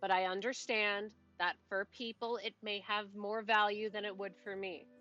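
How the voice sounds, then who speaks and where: A woman game streamer rambles to her chat with a bright, sharp-edged voice, breaking off mid-thought and laughing under her breath. The mic sounds dull and lo-fi, and soft game music plays faintly underneath. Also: mid-range voice, level tone, moderate pace. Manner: rambling, self-interrupting, chatty with little laughs. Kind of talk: casual live-stream chat while playing.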